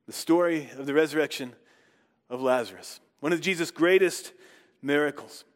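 A man's voice: on the high side, normal speed. A man reading scripture aloud and then preaching on it, reflective and posing rhetorical questions. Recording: long hall reverb.

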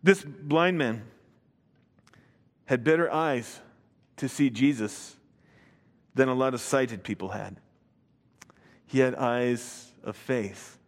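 A man preaching a sermon, reading scripture and explaining it, emphatic and drawing out key words. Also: medium pitch. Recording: long hall reverb.

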